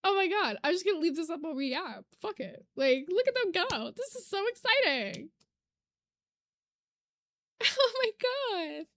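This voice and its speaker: Bright, excitable young woman streamer. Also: very high-pitched, moderate pace, no echo. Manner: excitable, squeals with delight, swears casually. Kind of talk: casual live-stream chat. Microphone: desk mic.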